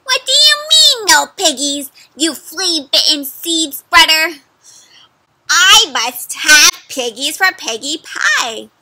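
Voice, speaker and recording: A woman's voice: high voice, very animated, slow, bright, forceful tone, no echo, full character voice. A woman reading aloud and voicing a hungry, bossy female witch who screeches and hurls insults. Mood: furious.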